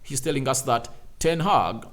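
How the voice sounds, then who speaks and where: With a mid-range, slightly bright voice, this man sounds animated yet unhurried. He's the host of a fan channel, sharing opinionated takes on football through emphatic rhetorical questions and recurring phrases.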